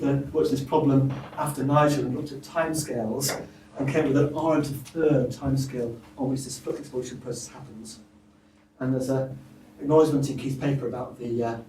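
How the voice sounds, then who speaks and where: A man giving an academic seminar talk, halting, with frequent restarts and fillers. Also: medium pitch, mellow. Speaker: lecturer at a symposium. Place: seminar room. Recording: roomy, distant mic, faint hiss.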